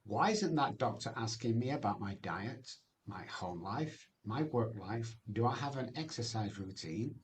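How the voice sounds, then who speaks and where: A man as a podcast guest, giving an animated testimony full of rhetorical questions. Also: medium pitch, a little slow, few pauses, slight background noise.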